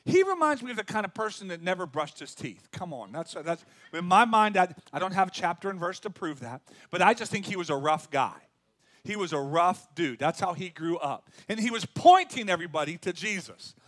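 High-voiced animated preacher man. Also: brisk, dry recording. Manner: animated, conversational preaching with acted-out quotes. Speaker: pastor. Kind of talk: sermon.

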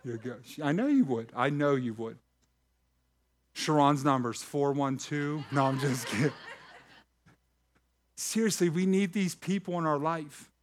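A man's voice: a little high, unhurried, pauses often. A man preaching a sermon to a live congregation. He shifts between reading scripture and joking with the crowd. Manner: animated preaching with jokes to the congregation. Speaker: pastor. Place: church hall with a live congregation.

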